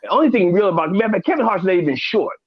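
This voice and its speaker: A man's voice: sits high, very animated, racing, muffled recording, a little hiss or hum, pitched above the performer's own voice. A man playing a crude, rambling reverend. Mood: mixed. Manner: rambling, profane, preacher-like asides. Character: crude older male reverend comedian character. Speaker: comedic guest in character. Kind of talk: improvised comedy in character. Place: studio.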